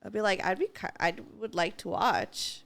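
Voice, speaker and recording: Gravelly-voiced woman, frank and playful. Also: mid-range voice, moderate pace, over a noisy crowd. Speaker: podcast host. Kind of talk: casual chat.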